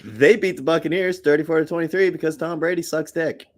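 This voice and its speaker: A man's voice: fairly high pitch, steady tone, quick pace. A man co-hosting a casual sports podcast, brash and profane, joking with his friends. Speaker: podcast co-host.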